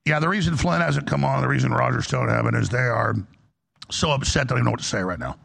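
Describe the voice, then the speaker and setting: Gravelly, husky male talk radio host. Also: mid-range voice, fast talker, fairly bright tone. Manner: rambling, emphatic, mocking quoted voices.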